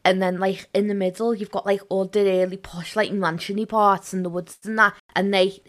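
A woman's voice: mid-range voice, flat delivery, normal speed, fairly bright tone. A woman with a broad Scouse accent chats as an interview guest. Her talk is loose and rambling, scattered with fillers and easy laughter. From Liverpool, England. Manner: chatty, filler-heavy, laughs easily. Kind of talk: casual interview chat.

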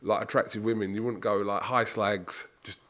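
A man's voice: lowish voice, little pitch movement, fast talker, fairly bright tone. A young English man hosting a casual chat, patiently and earnestly explaining things. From England.

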